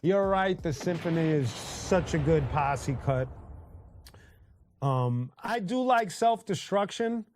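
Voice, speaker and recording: A man's voice: on the high side, animated, slow pace, darkish tone, dry recording. A man hosting a casual livestream, talking loosely with lots of fillers and restarts and greeting chatters by name. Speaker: livestream host reading chat. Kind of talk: casual chat.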